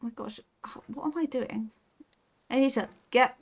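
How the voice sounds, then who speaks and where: A young woman streaming a game in casual chat, excitable and giggly, yelping when startled. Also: fairly high pitch, moderate pace, breathy edge.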